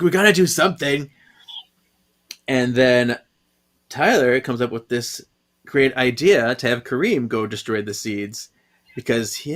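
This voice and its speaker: A man hosting a casual podcast recap who laughs a lot and throws himself into the quoted lines. His voice is medium in pitch. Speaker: podcast host.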